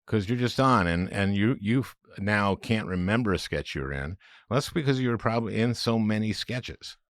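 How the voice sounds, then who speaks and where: A man's voice: lowish voice, animated, normal speed, no echo, studio quality. A man hosting a podcast interview, laughing often and restarting his sentences. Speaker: podcast host. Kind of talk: casual interview.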